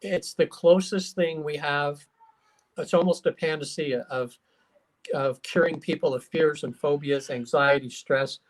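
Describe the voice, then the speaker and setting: A man, a hypnotherapist and guest, telling stories in a casual, animated way, acting out quotes with plenty of fillers. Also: on the high side. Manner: animated storyteller, acts out quotes, many fillers. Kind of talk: casual storytelling interview.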